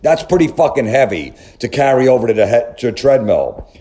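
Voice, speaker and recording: A man's voice: mid-range voice, very animated, fairly quick, dark tone. A man tearing apart a story in a sarcastic, profane comedic rant, full of incredulous questions. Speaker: comedy commentator.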